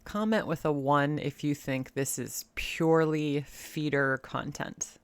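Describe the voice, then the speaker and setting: A woman's voice: low voice, fairly even intonation, takes it slowly, slight background noise. A woman giving casual, sarcastic commentary as she reacts to a video clip. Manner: sarcastic, mocking.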